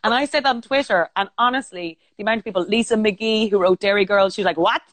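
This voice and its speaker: An Irish woman chatting as a podcast guest, giggly and quick to interrupt herself. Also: mid-range voice, dry recording. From Ireland. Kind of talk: casual chat. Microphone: remote live stream mic.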